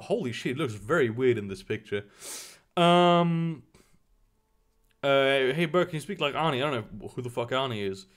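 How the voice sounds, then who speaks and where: Animated, swearing male streamer. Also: on the high side. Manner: rambling, profane, exasperated, with frequent restarts. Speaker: streamer reading chat and news. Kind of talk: casual live-stream commentary.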